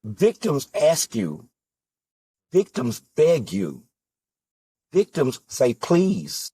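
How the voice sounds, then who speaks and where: Slow, deliberate male political candidate, husky timbre, hammering rhetorical questions. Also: medium pitch, wildly swooping pitch, dark tone. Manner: rhetorical questions, emphatic repetition. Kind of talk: impassioned political monologue.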